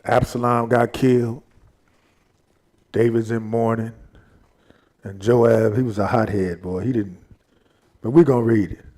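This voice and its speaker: A man's voice: mid-range voice, steady tone, measured pace, pauses often, dark tone. A man leading a Bible study in a casual, slangy, laid-back way, retelling scripture in everyday talk.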